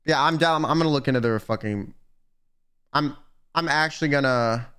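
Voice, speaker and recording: A young man streaming, telling stories in casual, profane, animated chat. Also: medium pitch, brisk, smooth.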